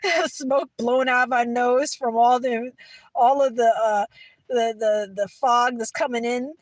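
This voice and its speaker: Here a middle-aged New Yorker from Brooklyn, accent and all, casually chats with her livestream viewers while reading their comments. Her voice is a little high and steady in tone, a little slow, with no room sound. She laughs often and rambles, restarting herself along the way.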